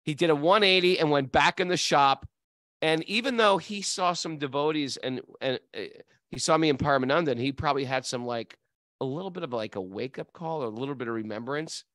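During a casual spiritual talk that includes reading song lyrics, this co-host tells lively stories and laughs readily. His voice is fairly high and fairly bright, a little fast, recorded in a clean studio with no room sound.

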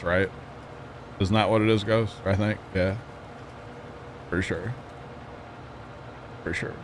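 A man's voice: on the low side, slow, long pauses, a bit bright, slight background noise. A young man with a Midwestern American accent chatting casually with viewers while he streams a game, joking at his own expense and laughing often. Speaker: livestreamer. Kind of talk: casual gameplay chat with viewers.

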